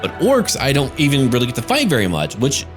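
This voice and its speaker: A gaming YouTuber and game master talking loosely through a casual channel update, rambling and swearing now and then. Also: male voice, mid-range voice, huge pitch swings, quick pace, over music.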